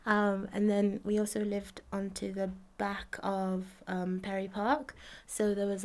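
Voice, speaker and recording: A woman's voice: medium pitch, level tone, moderate pace, vocal fry, darkish tone. A woman in her twenties from Jamaica, recalling her childhood in a chatty interview, full of fillers and laughs. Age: 20s. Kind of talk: casual recollection.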